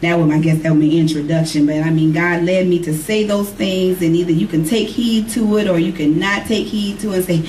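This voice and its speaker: A woman preaching, her voice climbing to high emphatic calls and dropping to low conversational asides. She is heard from a distance in an echoey church with a faint hiss underneath. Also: fairly even intonation, a little fast, few pauses, darkish tone. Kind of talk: sermon to a congregation. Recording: echoey room from far off, faint noise.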